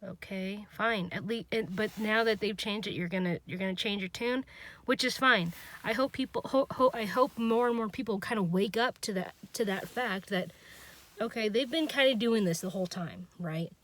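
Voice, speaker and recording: A young woman venting her frustration in an unscripted personal vlog, halting and restarting, trailing off and laughing at herself. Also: medium pitch, a bit bright. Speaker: vlogger.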